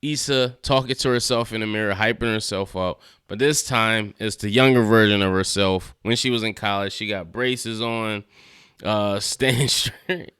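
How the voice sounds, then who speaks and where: A man's voice: fairly low pitch, moderate pace, a bit bright, clear, resonant tone, dry recording, studio quality. A man casually reviewing and recapping a TV episode, laid-back and slangy, chuckling as he retells scenes. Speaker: TV show reviewer.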